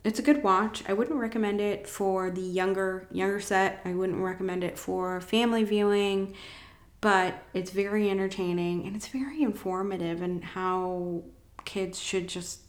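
Chatty woman in an echoey room. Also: fairly low pitch. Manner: chatty, enthusiastic, rambling. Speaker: podcast host. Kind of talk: casual chat, reviewing TV shows.

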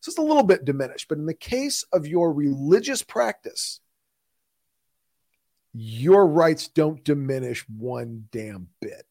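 A Midwestern-accented man talks through a topic on a casual podcast, blunt and chatty. His voice sits a little high for a man. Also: animated, measured pace, darkish tone. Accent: Midwestern American. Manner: talkative, explanatory, blunt with mild cursing. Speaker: podcast co-host. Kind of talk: casual chat.

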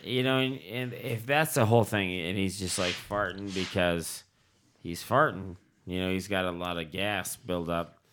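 A middle-aged man telling crude stories in casual comedic chat, rambling and deadpan, with mock-dismayed asides. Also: deep voice, moderate pace, a little hiss or hum.

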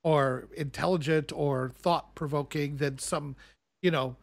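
A man casually chatting about films as a podcast co-host, earnest and explaining at length with halting restarts. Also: on the high side, steady tone, gravelly, dry recording.

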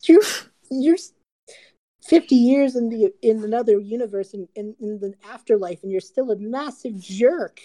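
A woman's voice: on the high side, huge pitch swings, brisk, dark tone, breathy edge, no echo, pitched above the performer's own voice, full character voice. A woman voicing an emotional man who sputters and chuckles while teasing an old friend. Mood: exasperated.

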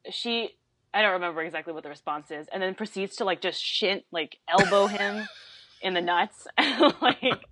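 A woman in her twenties, a podcast guest talking casually, chatty and quick to laugh, with lots of fillers. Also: mid-range voice, fairly bright tone, dry recording. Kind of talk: casual conversation.

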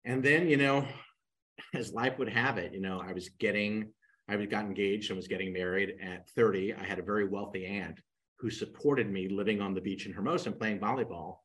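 A man's voice: on the low side, a little fast, husky, rough recording. An older man, a guest real estate coach, telling his story in a podcast interview and acting out the people he quotes. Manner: animated storyteller who acts out quoted speakers.

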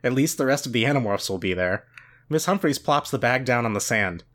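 Lively man narrating a book aloud. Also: medium pitch. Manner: expressive narration, quick to laugh. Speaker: podcast co-host reading a book aloud. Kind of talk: dramatic read-aloud with banter.

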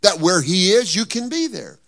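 A man preaching a sermon with a high, gravelly voice that leaps up and down in pitch. He talks to the congregation like a conversation, tossing out rhetorical questions, and then swells to loud, emphatic peaks. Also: sing-song, normal speed. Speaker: pastor.

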